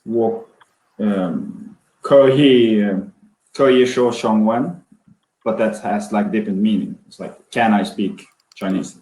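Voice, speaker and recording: A man with a lowish voice, answering his tutor hesitantly and thinking aloud between ums. His voice sounds echoey, as if in a bare room. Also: takes it slowly, darkish tone. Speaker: student. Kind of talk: online tutoring session.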